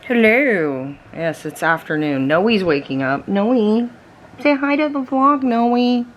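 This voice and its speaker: A woman's voice: a little high, lively intonation, slow pace, lo-fi sound, slight background noise. A woman vlogging casually at home, reacting bluntly and swearing freely as she talks to her viewers. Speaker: lifestyle vlogger.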